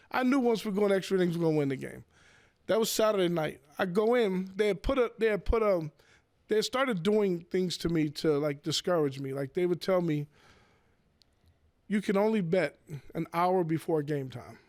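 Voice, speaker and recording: A man, a professional sports bettor, telling casual stories with swearing, restarts and loud acted-out quotes. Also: sits high, fairly quick, dry recording, clean studio sound. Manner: animated, repeats words, swears, acts out quotes in raised voice. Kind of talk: casual storytelling.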